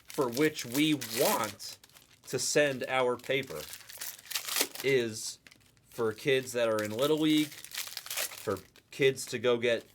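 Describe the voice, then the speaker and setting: Man, card break host, rambling live-stream chat, noisy background, wrapper crinkling. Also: a little high. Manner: rambling, chatty, talks to the chat by name.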